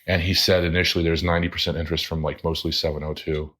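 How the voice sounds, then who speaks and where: A man with a very low, deep voice co-hosts a casual talk show. He wanders through his points with small self-corrections. He speaks in an easygoing, conversational way. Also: little pitch movement, fast, a bit bright. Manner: rambling, self-correcting, drinking beer on air. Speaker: podcast co-host. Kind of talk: casual chat.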